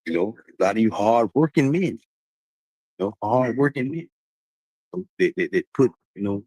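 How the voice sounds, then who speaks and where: A lower-voiced man, rambling in a loose and preachy way to his livestream viewers. His pitch jumps around a lot as he repeats himself, laughing here and there, in a dry, close recording. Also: moderate pace, breathy edge, no echo, poor audio. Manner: animated, repetitive, preachy, laughs often. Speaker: dog breeder talking to a stream audience. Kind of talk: casual livestream talk.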